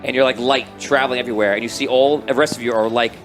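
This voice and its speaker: A man narrating a tabletop game as game master, telling the scene in a rambling, animated way. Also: mid-range voice, rapid-fire, faint music behind. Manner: rambling, animated storytelling with restarts.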